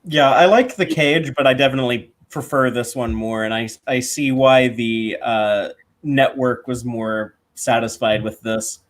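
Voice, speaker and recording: A man co-hosting a casual fan commentary podcast, relaxed and explaining at length. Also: mid-range voice, unhurried, hardly any pauses. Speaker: podcast co-host.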